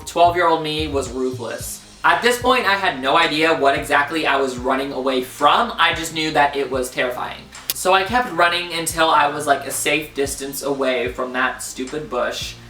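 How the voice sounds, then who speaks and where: A man's voice: on the high side, normal speed, few pauses, pushed and bright, recorded from a distance. A young man around twenty telling a dramatic story time on his vlog, full of "like" fillers. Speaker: vlogger. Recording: roomy echo, off-mic, faint music.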